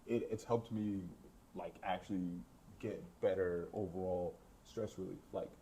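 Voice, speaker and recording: A man's voice: sits low, fairly even intonation, measured pace, mellow. A young man chatting casually on a podcast, rambling with lots of "like" and "bro". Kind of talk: casual chat.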